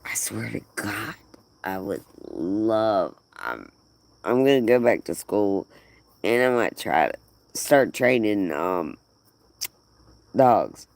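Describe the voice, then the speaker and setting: Male actor as a doting, tearful dog owner; slow, gravelly delivery with a wide pitch swing. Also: sing-song, no echo, heavily acted. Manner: rambling, doting and tearful, half laughing. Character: grieving man doting on his aging dog. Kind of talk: emotional monologue.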